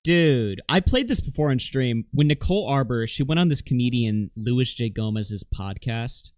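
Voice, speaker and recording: A man's voice: medium pitch, lively intonation, normal speed, a little mellow, no room sound, clean studio sound. A man streaming live, reacting to clips with sarcastic, laughing commentary. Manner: mocking, sarcastic, laughs a lot.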